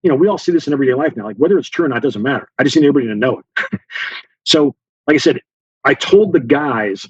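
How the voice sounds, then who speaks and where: In an interview, a guest author who served as a Special Forces officer tells an animated story, performing the dialogue and leaning on many fillers. His medium-pitched voice is slightly rough and fast. The recording has no room sound and lacks the high frequencies.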